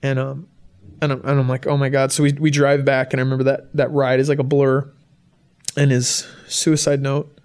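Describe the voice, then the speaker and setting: Young guy with a gravelly, flat voice, halting emotional testimony to a crowd. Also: medium pitch. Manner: halting, emotional storytelling with many restarts. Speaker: guest speaker. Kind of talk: personal testimony to a live audience.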